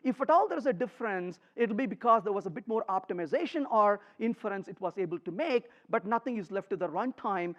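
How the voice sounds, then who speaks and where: Giving a live coding talk to a conference audience, a man speaks with an animated pitch that swoops up and down. He's emphatic and trades jokes with the crowd, though the audio comes across a little dull and muffled.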